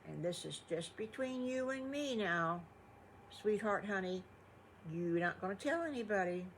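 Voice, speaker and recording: A woman's voice: mid-range voice, expressive, unhurried, slight background noise. An older woman voicing a kind, chatty farmer husband in a storybook, in a rambling, homey way.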